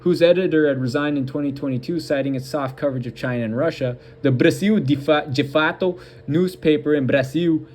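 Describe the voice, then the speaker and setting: A man with a somewhat high-pitched voice reads an article aloud on his commentary show. He stumbles and restarts now and then, and cuts in with sarcastic remarks of his own. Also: darkish tone. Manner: reads haltingly, breaking off for mocking asides. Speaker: political commentary host.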